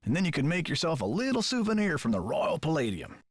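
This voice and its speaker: A kindly older theater projectionist spins homespun yarns in a game. His voice is husky and dry, and his pitch rises and falls with lively expression. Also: fast, dry recording, full character voice. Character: kindly old male movie theater projectionist.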